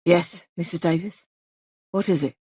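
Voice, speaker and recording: A woman voicing a calm male police sergeant who speaks quietly and evenly. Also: lowish voice, no echo. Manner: quiet, measured, smooth.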